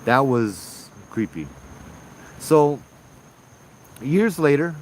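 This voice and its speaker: A man with a Hawaii local accent telling a ghost story casually, animated, acting out the voices of people in it. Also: medium pitch, drawn-out words, slight background noise, rough recording. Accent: Hawaii local English. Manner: animated, acts out voices in dialogue. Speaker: ghost tour guide and storyteller.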